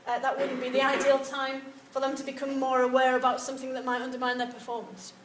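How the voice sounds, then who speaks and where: A woman giving a university lecture, animated and acting out example replies. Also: high voice, fast talker. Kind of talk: lecture on research methods. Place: lecture hall. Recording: echoey lecture room with some background noise.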